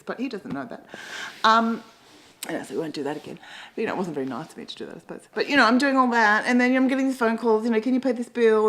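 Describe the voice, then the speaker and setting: Rambling Australian woman with lively pitch. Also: rough recording. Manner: rambling, self-mocking, swearing, sudden loud outbursts. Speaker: comedian and columnist. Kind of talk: comic monologue.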